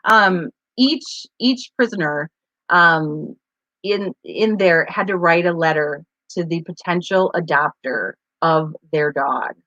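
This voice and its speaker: A woman's voice: fairly low pitch, slow, a bit bright, dry recording, lo-fi sound. A woman co-hosting a live stream, telling stories in a rambling, chatty way full of fillers. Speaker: co-host of a live advocacy stream. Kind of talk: casual live-stream chat.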